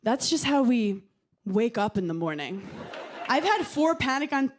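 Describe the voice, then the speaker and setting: A woman in her thirties works through a stand-up set on a television studio stage. Her delivery is punchy and deadpan, and her voice sits a little high. A faint hiss runs under the handheld mic. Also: a little slow, a faint crowd. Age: 30s. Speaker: stand-up comedian.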